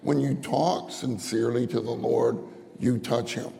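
Older man preaching with a gravelly voice. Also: medium pitch, a little slow, long reverb tail. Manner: animated, conversational, acts out prayers. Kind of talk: sermon.

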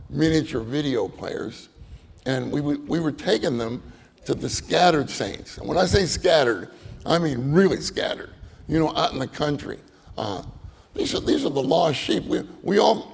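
A man giving a conversational sermon, halting and repeating words and often checking in with his listeners. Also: medium pitch, vocal fry, darkish tone, breathy edge, long reverb tail. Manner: halting, repeats words, asks the audience "right?". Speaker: preacher.

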